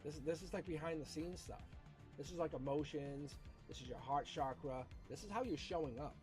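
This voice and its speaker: A man giving a casual live tarot reading, animated and repeating himself with frequent restarts. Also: a little high, moderate pace, music in the background. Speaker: tarot reader.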